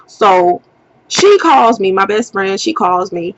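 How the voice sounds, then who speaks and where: A woman's voice: mid-range voice, slow pace, dull audio. A young woman telling a story casually, swearing freely and acting out what people said. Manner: animated, acts out quotes, swears freely. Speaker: vlogger.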